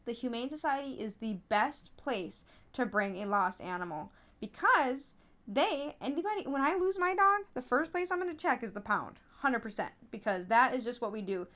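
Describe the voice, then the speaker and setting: A woman telling stories in a casual podcast interview, chatty and animated, with frequent fillers and restarts. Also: normal speed. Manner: animated storytelling, acts out others in high voices. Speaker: podcast host, app founder being interviewed.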